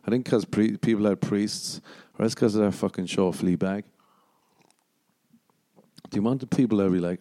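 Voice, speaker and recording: A man's voice: lowish voice, steady tone, normal speed, long pauses, dark tone, no room sound. A young Irish man hosting a podcast on his own, rambling casually, swearing a lot and poking fun at himself. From Ireland. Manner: sweary, self-mocking, rambling. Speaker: podcast host.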